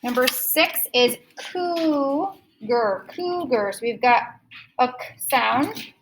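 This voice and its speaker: A high-pitched woman teaches a phonics lesson to young students. She says each word slowly and again and again to stress the right syllable. A faint hiss sits under her voice. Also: vocal fry, fairly bright tone, low-quality recording. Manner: slow, repeats words to stress syllables. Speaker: second grade teacher.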